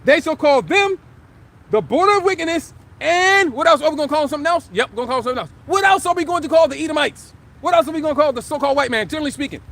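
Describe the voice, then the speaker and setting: Extremely high-pitched, animated and very fast, a man preaches live on the street, delivering religious teaching emphatically. He fires rhetorical questions and shouts scripture for dramatic effect.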